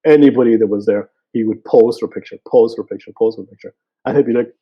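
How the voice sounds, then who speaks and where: A man with a West Cork Irish accent, a photographer and guest, telling stories in relaxed casual chat with lots of fillers. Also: mid-range voice, fast, husky. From Ireland. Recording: dull lo-fi sound.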